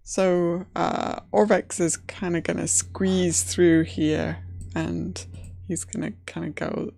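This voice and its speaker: A woman narrating as dungeon master in a relaxed, hesitant way with many pauses. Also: lowish voice, vocal fry. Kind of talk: narrating a tabletop game.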